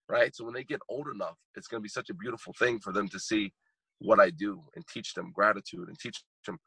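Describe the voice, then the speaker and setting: A man's voice: lowish voice, quick pace, creaky, pushed and bright, husky, dry recording, poor audio. A man in his thirties, a podcast guest and motivational speaker, telling a heartfelt story with emphatic repetition while choked up. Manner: emphatic, repeats phrases for impact.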